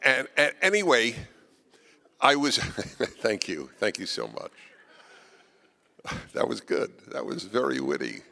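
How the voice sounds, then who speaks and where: A man addresses a live audience in an auditorium, combative and wry, pushing hard on his points. His voice has a bright, forceful edge, and long hall reverb trails after each phrase. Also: huge pitch swings, takes it slowly, vocal fry, long pauses. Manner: emphatic, combative and wry, with sharp swings in pitch and loudness. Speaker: guest speaker.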